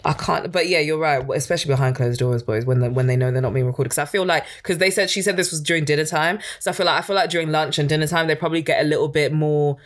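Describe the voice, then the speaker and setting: A woman's voice: low-pitched, fast, few pauses. A young woman hosting a podcast, chatting and gossiping with a friend, giggling often. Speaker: podcast host. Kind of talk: casual chat.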